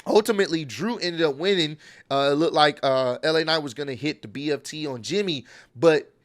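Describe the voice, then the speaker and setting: Man, higher voice, casual recap, rambling, fillers, opinionated. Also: a little fast. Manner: rambling, frequent "you know" fillers, opinionated. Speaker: wrestling recap vlogger. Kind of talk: casual spoken show recap.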